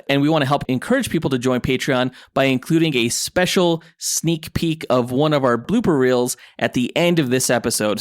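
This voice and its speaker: A man's voice: mid-range voice, no echo. Man co-hosting a podcast, dry sound. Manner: upbeat promo reading. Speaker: podcast co-host. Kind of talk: casual podcast chat.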